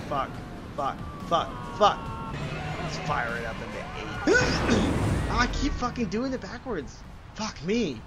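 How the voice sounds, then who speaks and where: A man giving live let's-play commentary while gaming, swearing constantly and bursting into angry yells. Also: on the high side, big pitch swings, unhurried. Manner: swears constantly, rage outbursts and yelling. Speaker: gamer reviewing a video game. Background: game music.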